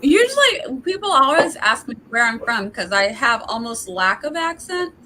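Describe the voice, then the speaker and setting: A woman's voice: a little high, sing-song, moderate pace, sharp tone, slight background noise, poor audio. A woman from the American South hosting a casual writing livestream, chatting and laughing as she quotes herself. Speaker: livestream host.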